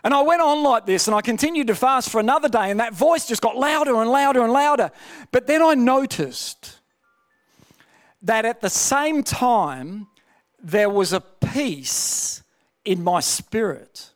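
A man preaches in a testimony style, asking his listeners rhetorical questions and restarting his sentences often. His voice sits high for a man. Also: lively intonation, a little slow. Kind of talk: sermon.

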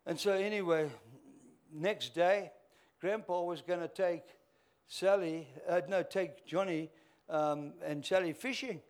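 An older pastor preaches in a joking, rambling way. His voice sits high for a man, and he drifts off into stories. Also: measured pace. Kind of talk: sermon storytelling.

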